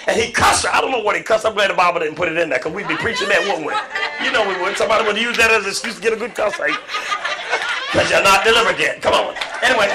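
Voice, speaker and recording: A man preaching a lively sermon. He retells scripture with call and response, swinging between loud shouts and hushed, quiet storytelling. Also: high voice, fairly quick.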